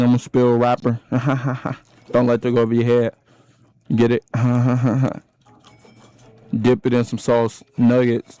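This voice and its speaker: A young man livestreams on a close desk mic, his medium-pitched voice mellow and smooth, with no echo but a rough recording quality. Hyped and slangy, he constantly addresses his chat and raps lines along to the music playing between bits of chatter.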